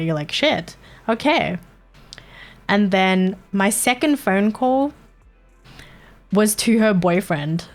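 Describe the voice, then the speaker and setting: Woman streamer, casual storytelling at a desk mic, frank and profane, faint music behind. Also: medium pitch. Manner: candid, swears freely, chuckles between points. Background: faint background music.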